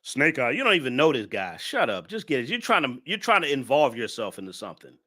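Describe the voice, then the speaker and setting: A man's voice: mid-range voice, sing-song, fast, pushed and bright. A man hosting a live stream reaction, talking to his chat in a mocking, laughing way.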